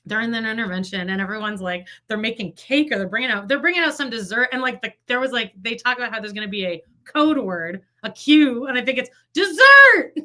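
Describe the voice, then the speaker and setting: A woman's voice: on the high side, fairly quick, few pauses. A woman co-hosting a casual gossip podcast, swearing often and acting out what others said. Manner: animated, swearing, acts out quotes. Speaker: podcast co-host.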